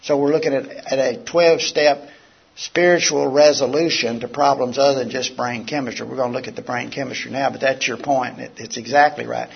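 Speaking fairly quickly at a medium pitch, a man with a raspy, gravelly voice lectures on addiction recovery before an audience in a meeting hall. He's conversational and animated, weaving stories into his explanations, and the live audio is dull and lo-fi.

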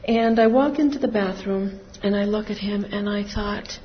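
A middle-aged woman at a moderate pace and medium pitch recounts her recovery to a group, frank and confessional, with swinging emotion. Sound comes from a distance in a reverberant hall, dull with faint background noise.

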